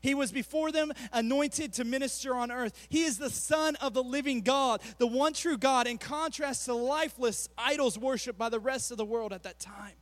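A man preaching a sermon as a youth pastor, animated, with rapid asides between slow, emphatic phrases. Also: very high-pitched, no echo. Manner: animated, acts out quotes in a mocking voice.

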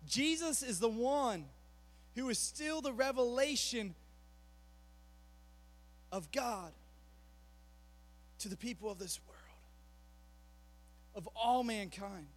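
A man preaching a sermon as a youth pastor, animated, with rapid asides between slow, emphatic phrases. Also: very high-pitched. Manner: animated, acts out quotes in a mocking voice.

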